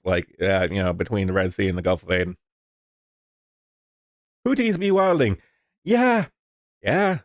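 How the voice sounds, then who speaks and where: A man's voice: fairly low pitch, dry recording, studio quality. A man casually commenting on the news, rambling and swearing, with lots of fillers. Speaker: streamer reading the news.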